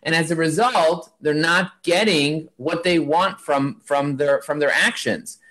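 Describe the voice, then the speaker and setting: Guy with a high voice preaching motivation, punchy repeated lists, super energetic. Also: a little slow. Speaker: guest, marketing agency founder. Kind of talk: motivational interview talk.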